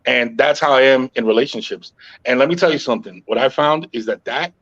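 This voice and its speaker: A middle-aged man hosting a podcast, telling stories in a calm, even tone with frequent "yo" and swearing. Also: medium pitch, fairly quick, lo-fi sound. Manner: calm, even-tempered storytelling with frequent "yo" and profanity. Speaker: podcast host. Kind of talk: casual podcast chat.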